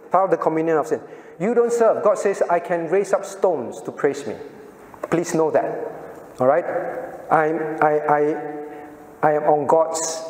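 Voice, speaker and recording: An earnest male pastor teaching a class, his voice a little high for a man. He questions the group and calls on people by name. A long echo hangs in the church hall. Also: darkish tone. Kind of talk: interactive Bible class teaching. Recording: echoey hall sound.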